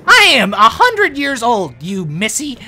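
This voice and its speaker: A man's voice: extremely high pitch, huge pitch swings, a little slow, bright, forceful tone, a little hiss or hum, voice pushed up, full character voice. A man voicing a tiny, talkative hundred-year-old male gnome with a folksy, eager manner, in a tabletop game. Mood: chatty, excited.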